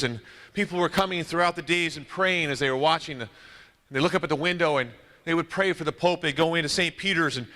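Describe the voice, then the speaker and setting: Lively, bright-voiced man telling a story. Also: high-pitched. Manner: dramatic, animated storytelling with rising shouts. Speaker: conference speaker. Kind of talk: storytelling talk to a men's conference. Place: conference hall.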